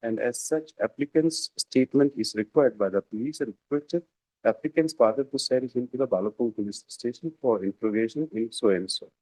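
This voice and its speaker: A man's voice: mid-range voice, brisk, darkish tone, dry recording, poor audio. A man arguing as a defence lawyer over a video call, deferential and hesitant, addressing the judge as "my lord" again and again. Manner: deferential, repeats "my lord" often, hesitant with fillers. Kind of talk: courtroom argument.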